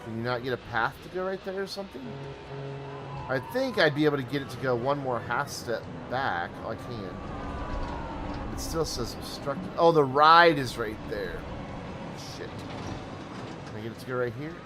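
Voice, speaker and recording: A man's voice: mid-range voice, expressive, normal speed, long pauses, over music. A man hosting a let's play, giving casual gameplay commentary, talking back to the game and swearing when frustrated.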